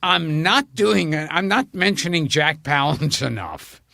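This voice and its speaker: Slow-talking, animated male comedian. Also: on the high side, creaky, no room sound. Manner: rambling, anecdotal, with frequent laughs. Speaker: comedian and podcast host. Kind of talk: casual chat.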